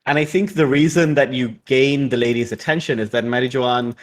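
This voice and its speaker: A man's voice: medium pitch, steady tone, a little fast. A man running a tabletop game as game master, narrating in a rambling way full of fillers.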